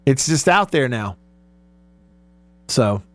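A man's voice: mid-range voice, lively intonation, takes it slowly, a bit bright, dry recording. A man in his forties hosting a radio show, telling stories easily and laughing often. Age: 40s. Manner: laughing storyteller, easygoing. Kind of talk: casual radio chat. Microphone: studio microphone.

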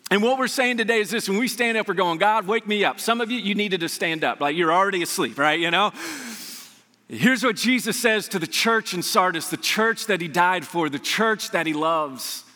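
A man preaches with a high, bright, forceful voice that rings out through a large hall with a long reverb. He keeps it casual and lively, throwing asides to the congregation as he goes. The delivery is that of a pastor mid-sermon. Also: normal speed. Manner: energetic, conversational preaching with frequent rhetorical asides.

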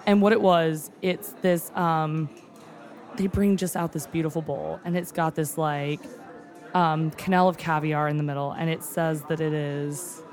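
An excitable cook raves in a loose, chatty way, stacking fillers and the odd curse word. The voice sits at an ordinary middle pitch and wells up with feeling, close to tears. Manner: excitable, gushing, with many fillers and swearing. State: moved nearly to tears. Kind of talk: casual chat.

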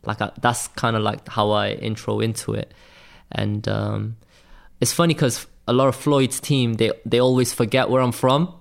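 A man's voice: on the low side, flat delivery, moderate pace, gravelly. A man from Wales with a light Welsh accent, telling stories in a loose, chatty interview and filling his talk with "like" and "man". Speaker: graphic designer guest. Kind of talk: casual interview storytelling.

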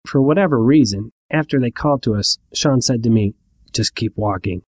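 A man's voice: mid-range voice, a little fast, a little mellow, dry recording, studio quality. A middle-aged man telling a personal story in a wry, conversational way with asides to the listener.

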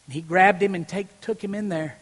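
Higher-voiced man preaching in a reverberant hall. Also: steady tone, fairly quick. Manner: storytelling, swings from hushed to loud preaching. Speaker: pastor. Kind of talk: sermon with personal story. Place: church platform before a congregation. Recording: long reverb in a large hall.

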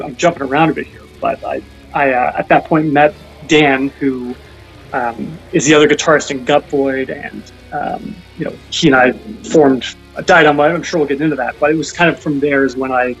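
A young man, a guest musician calling in, talking casually and rambling, with many fillers and restarts. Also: fairly high pitch. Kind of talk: casual interview by phone. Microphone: phone call. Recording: dull lo-fi call-in audio, faint music.

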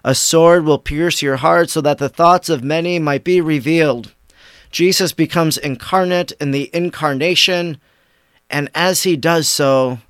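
A man hosting a devotional podcast, reading tweets aloud and reflecting on them in warm commentary. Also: medium pitch, clean tone, dry recording, clean studio sound. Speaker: podcast host.

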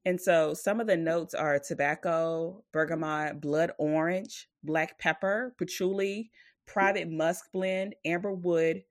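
A woman's voice: fairly low pitch, fairly even intonation, slow, no room sound, studio quality. A woman co-hosting a podcast in casual chat. She rambles loosely, leans on "like" and "or whatever", and turns blunt and profane when she rants. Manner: rambling, filler-heavy, with frequent "like" and "or whatever". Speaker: podcast co-host.

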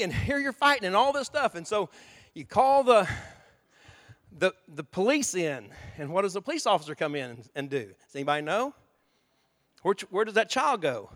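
A man preaching a sermon as a pastor, acting out arguments and rising to shouts. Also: high-pitched, big pitch swings, brisk. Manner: acts out both sides of arguments, rising to shouting. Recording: long hall reverb.

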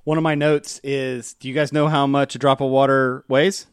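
A man's voice: medium pitch, level tone, moderate pace, clear, resonant tone, no echo, studio quality. A man co-hosting a casual podcast, chatty and joking, often laughing. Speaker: podcast co-host. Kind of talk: casual chat.

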